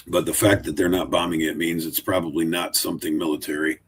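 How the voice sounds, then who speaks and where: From a wooden chair in a room at home, an Oregon man runs a casual live stream, rambling and chatting away to his dog. His voice is low and husky, with a level tone and a quick pace.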